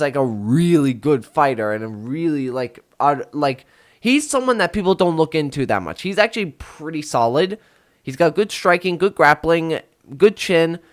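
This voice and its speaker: A man's voice: on the high side, fairly bright tone. A young man hosting a casual video of fight predictions, rambling with lots of fillers and self-corrections. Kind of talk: casual solo prediction talk.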